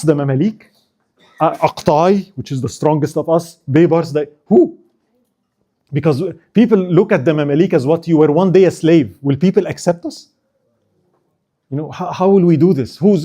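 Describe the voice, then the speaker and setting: A male lecturer telling a history story to a mosque audience. His voice sits slightly high for a man, with a mellow, warm tone. He keeps things lively with rhetorical questions and short acted-out lines. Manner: animated, rhetorical questions, acts out characters.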